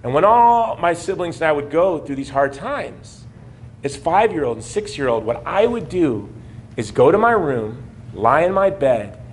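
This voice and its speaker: A man's voice: medium pitch, slight background noise. A man in his forties from the United States, giving a personal testimony speech at a gala, shifting from wry humor to earnest storytelling. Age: 40s. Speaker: gala speaker. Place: banquet hall.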